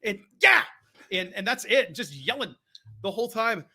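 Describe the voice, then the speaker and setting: A man co-hosting a podcast in casual chat, excitable and rambling, often laughing as he talks. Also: sits high, normal speed, slightly rough. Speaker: podcast co-host.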